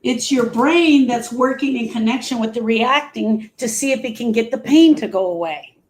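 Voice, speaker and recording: A woman's voice: on the high side, moderate pace. A woman talking earnestly as a grief coach on a live stream, repeating phrases for emphasis.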